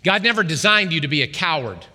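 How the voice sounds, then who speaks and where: A man preaching a sermon as pastor, animated and calling out questions to his congregation. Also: on the high side, fast talker, long reverb tail.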